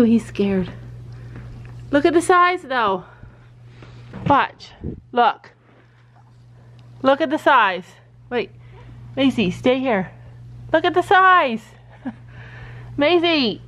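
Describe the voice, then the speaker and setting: A woman's voice: high-pitched, very animated, extremely slow, long pauses, fairly bright tone. A middle-aged woman vlogging at home, chatting casually and cooing playfully at her pets. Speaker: family vlogger. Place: family home, indoors.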